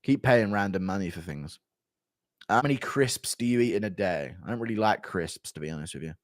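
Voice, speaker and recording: A man's voice: on the low side, expressive, brisk, no room sound, clean studio sound. A 25-year-old man hosting a livestream. He chats casually, reads out donations and banters bluntly with his chat. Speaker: livestream host.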